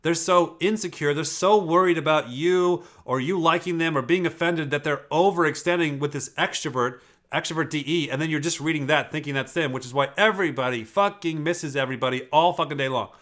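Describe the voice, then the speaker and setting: A man's voice: on the high side, fairly quick, a bit bright. A man giving casual commentary on video clips, explaining in an emphatic, profane way. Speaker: personality typing commentator.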